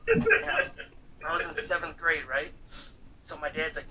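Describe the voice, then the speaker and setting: A man's voice: a little high, fairly even intonation, fast talker, sharp tone, a little hiss or hum. A man in his thirties telling loose, profane stories in a casual chat, acting out quotes and padding with fillers. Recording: voice picked up from some distance, faint room ambience.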